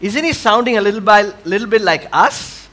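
A man preaching a sermon as a pastor, questioning the congregation and swinging between loud impassioned cries and hushed, quiet lines. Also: normal speed. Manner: swells loud and high on impassioned cries, drops to quiet near-whispers.

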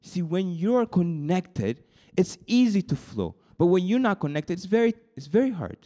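Brief: young man, youth preacher, fairly high voice, moves between quiet confession and excited high-pitched bursts, repeats himself as he goes. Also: normal speed. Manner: swings from soft confiding to high excited bursts; repeats words and restarts mid-sentence. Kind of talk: sermon.

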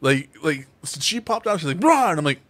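A man's voice: a little high, a little fast, no room sound. A man hosting a casual podcast, telling stories with lots of swearing and acting out what people said. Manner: animated storyteller, swears often, acts out quoted voices. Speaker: podcast host.

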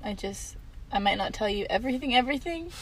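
Animated young woman in casual chat. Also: fairly high pitch, quick pace, slight background noise, low-quality recording. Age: young adult. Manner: animated storyteller, acts out quotes.

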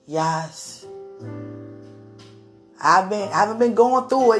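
A woman's voice: mid-range voice, lively intonation, moderate pace, pauses often, fairly bright tone, faint music behind. A woman talking to the camera in a casual devotional vlog, rambling and affectionate, often breaking into laughter. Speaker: vlogger.

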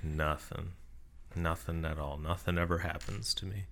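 A man's voice: low voice, steady tone, normal speed, a little hiss or hum. A man on a podcast, a co-host, answering in casual chat with dry, short quips.

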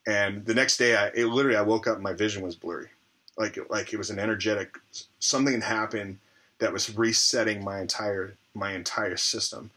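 A man speaks as an interview guest in a low, husky voice with a forceful edge. He tells a candid personal story in a rambling way, leaning on fillers and restarting his sentences. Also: steady tone, a little fast.

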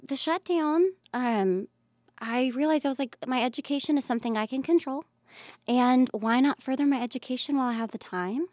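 A Southern American woman in her thirties with a fairly high voice, talking bubbly and earnest as an interview guest. She laughs easily. The sound is dry and close. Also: a little fast, darkish tone, dry recording. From Florida, US. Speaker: guest, Broadway actress. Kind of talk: casual interview chat.

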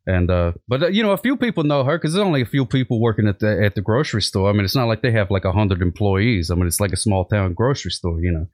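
A man's voice: lowish voice, expressive, quick pace, few pauses, darkish tone, no echo. Rambling man in dry comedic chat. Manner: rambling, full of fillers.

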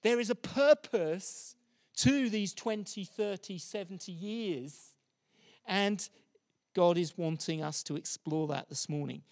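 A middle-aged man delivers a sermon in a notably high voice. He tells stories as he goes, often stumbling back over his own words before pressing on. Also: slow pace, darkish tone. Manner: storytelling, with many restarts and repeated words. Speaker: preacher.

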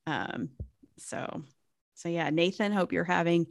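In a clean studio recording without echo, a podcast co-host in her thirties talks slowly in a fairly low, creaky voice. Her casual chat wanders, packed with fillers and false starts.

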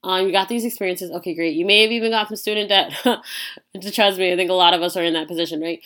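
A woman's voice: fairly low pitch, fairly even intonation, fast, a bit bright. A young woman in her twenties, hosting a podcast and talking candidly in a rambling way, full of fillers. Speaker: podcast host. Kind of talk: casual podcast monologue.

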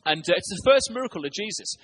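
A British man, preaching a lively sermon as a church pastor, telling stories and tripping over his words. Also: sits high, quick pace, a little hiss or hum. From England. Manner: energetic, storytelling, stumbles and repeats words.

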